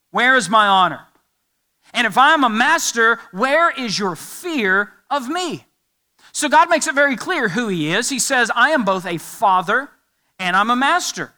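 Male pastor, high bright voice, emphatic sermon delivery with quick asides.

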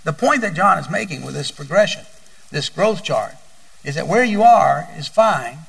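An older man preaches to his congregation in a bright, gravelly voice, slightly high for a man. He tells folksy stories and keeps repeating his words as he goes. He sounds a little distant from the mic in the church. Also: animated, normal speed. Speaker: pastor. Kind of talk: sermon.

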